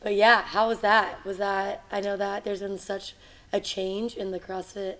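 A hoarse woman co-hosts a casual podcast, her voice worn from yelling. She chats in an upbeat, lively way. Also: medium pitch, measured pace.

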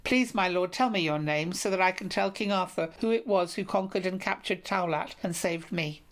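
A woman's voice: lowish voice, moderate pace, natural voice. A woman reading a solemn wounded knight. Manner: formal, solemn storytelling. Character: grateful wounded male knight, formal. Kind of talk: audiobook reading of a medieval romance.

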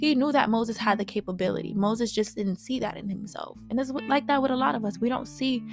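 A woman's voice: a little high, brisk, over music. A young woman teaching Bible study in a casual, passionate, slangy way, reading scripture and talking it through. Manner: passionate, slangy, animated preaching.

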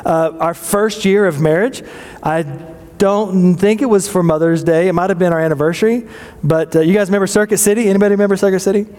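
A man in his forties gives a casual sermon made of family stories, folksy and full of jokes. He keeps checking in with the audience with quick questions. His voice sits a little high and carries a long reverb from a large hall. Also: darkish tone. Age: 40s. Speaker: pastor.

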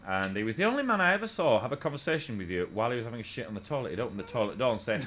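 A male radio host tells a loose, rambling story full of restarts and swearing. His voice sits at a middling pitch with a bright, forceful tone. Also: very animated, very fast. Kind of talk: casual anecdote on air.

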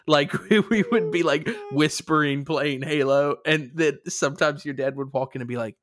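A young man, co-hosting a casual podcast chat, an animated storyteller who laughs often and acts out quotes. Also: a little high, moderate pace. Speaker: podcast co-host.

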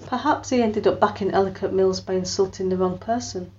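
A woman's voice: mid-range voice, fairly quick, few pauses, muffled recording. A woman narrating a story aloud and giving the people in it voices of their own. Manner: expressive storytelling, lifts her voice for quoted lines. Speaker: audiobook narrator. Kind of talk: scripted narration with character voices.

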